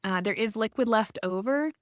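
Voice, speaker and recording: A woman's voice: fairly high pitch, moderate pace, no echo, clean studio sound. A woman co-hosting a podcast in casual chat, laughing often and talking with lots of fillers. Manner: chatty, laughs often, many likes and fillers. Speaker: podcast co-host.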